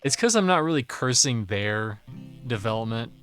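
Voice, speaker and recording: A man's voice: lowish voice, expressive, normal speed, fairly bright tone, faint music behind. A man streaming a game live, chatting crudely and jokingly with his chat while a bit drunk. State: tipsy.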